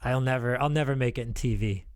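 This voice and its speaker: A man with a Canadian accent hosts a casual podcast chat, wandering through his thoughts and cracking jokes at his own expense. His voice sits at an ordinary middle pitch. It is recorded close and dry, with no room sound. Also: fast, clean tone, no room sound. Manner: rambling, joking, self-mocking. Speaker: podcast host.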